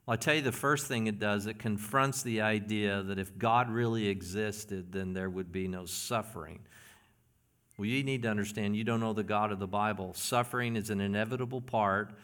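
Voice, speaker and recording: A man preaching a sermon as pastor, earnest and often hushed, building into emphatic passages. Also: on the low side, fairly even intonation, normal speed.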